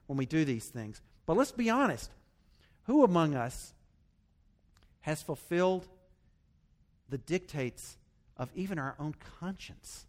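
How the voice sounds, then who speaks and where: Animated preacher, slightly high voice. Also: male voice. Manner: animated preaching, acts out quoted voices, drops to hushed tones. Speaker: pastor. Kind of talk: sermon.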